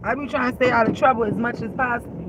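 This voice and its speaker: A woman with a high voice vents to her followers in a blunt, emphatic, profane way. She talks straight to the camera in casual chat. Wind and road noise sit loudly behind her voice. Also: steady tone, rapid-fire. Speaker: vlogger.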